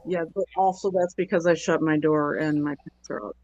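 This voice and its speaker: A woman's voice: sits low, fairly even intonation, normal speed, a little mellow, no room sound. Chatty woman guest on a dull, dry line. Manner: easygoing, chatty, laughs often. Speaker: guest songwriter. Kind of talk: casual chat.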